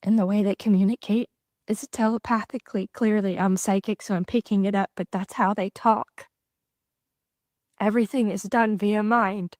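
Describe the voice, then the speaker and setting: Shaky psychic lady, halting, whispers a lot, dark mellow voice, dry. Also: medium pitch, steady tone, no echo. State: shaken and emotional. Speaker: self-described psychic. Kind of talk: emotional social media clip.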